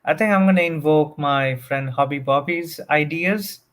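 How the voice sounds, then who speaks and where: Panel guest, male, a bit higher pitch, joking, halting delivery. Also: a bit bright. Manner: hesitant, joking, many fillers. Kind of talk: casual group chat.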